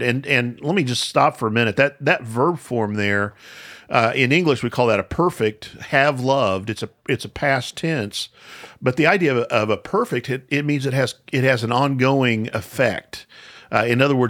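A man of middle pitch who teaches scripture in a relaxed, conversational way. He circles back on his phrases and slows down to stress the key ideas. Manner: thoughtful, with frequent restarts and slow emphasis. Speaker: podcast host and Bible teacher.

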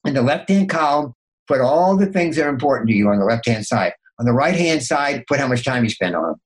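An older man, a consultant and podcast guest, telling motivational stories in a lively way, often restarting and repeating words. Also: fast talker, poor audio. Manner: animated, acts out inner dialogue with jumps in pitch. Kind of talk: motivational storytelling.

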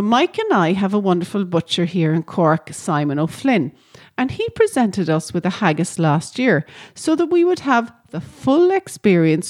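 A woman's voice: mid-range voice, a little mellow. A woman hosting a podcast, reading scripted narration in a friendly way and often asking listeners questions. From Ireland. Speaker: podcast host.

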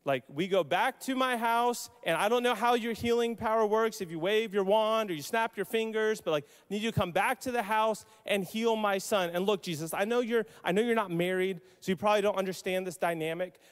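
A man's voice: high-pitched, quick pace, hardly any pauses, dark tone, natural voice. A man playing a desperate, exasperated father begging for help for his son. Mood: frustrated. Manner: exasperated, pleading. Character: desperate pleading father, middle-aged man. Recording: long hall reverb.

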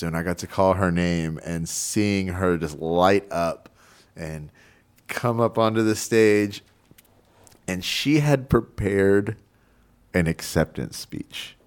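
Deep voice, man, radio host, casual chat, laughing, studio mic. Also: measured pace, clear, resonant tone. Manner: chatty, laughing, many fillers.

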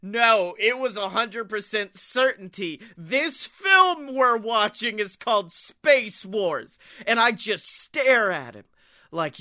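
Young guy cohosting a comedy podcast, high bright voice, cusses a lot, acts out every quote. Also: slow pace, no room sound, clean studio sound. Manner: animated storyteller, swears freely, acts out quotes. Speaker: podcast co-host. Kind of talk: casual comedic chat.

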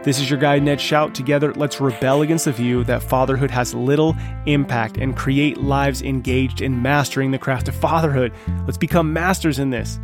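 Gravelly guy giving dads a pep talk on his podcast, faint guitar under it. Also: mid-range voice, steady tone, normal speed. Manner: earnest, pep-talk, addresses dads directly. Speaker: podcast host. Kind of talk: solo motivational podcast talk.

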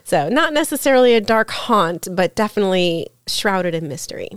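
Smooth-voiced woman telling ghost stories. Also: mid-range voice, expressive, moderate pace, no echo, clean studio sound. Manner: chatty storyteller, laughs often. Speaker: podcast co-host. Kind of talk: casual chat.

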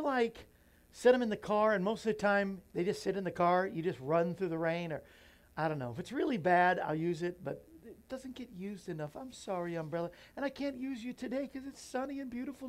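A man hosts a morning show from a small studio inside a bookstore. He chats and rambles to his viewers, and his pitch swings widely up and down. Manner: rambling, chatty, talks to viewers. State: out of breath. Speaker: host.

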